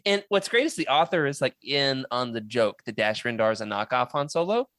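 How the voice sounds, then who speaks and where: A man's voice: medium pitch, animated, fairly quick, background noise. A man hosting a podcast in casual chat, playful and teasing, steering the talk to the next topic. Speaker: podcast host.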